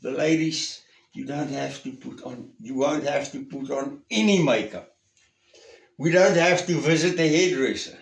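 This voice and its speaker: Slow, earnest preacher in a roomy hall. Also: male voice, on the high side, creaky. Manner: earnest, emphatic, swings from raised to hushed. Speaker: pastor. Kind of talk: sermon.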